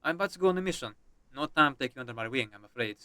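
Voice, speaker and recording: A man voicing a stern, dependable army officer who speaks in a measured, warning tone. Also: mid-range voice, animated, pushed and bright, clean tone, no echo.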